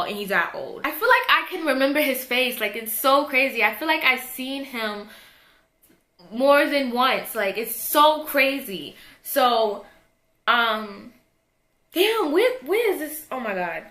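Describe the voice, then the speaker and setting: A young woman talks straight to her audience in a loose, slangy storytime, candid and animated. Her voice sits a little high and bright with a crisp edge. It bounces around a reverberant room. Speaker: vlogger. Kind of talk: casual storytime.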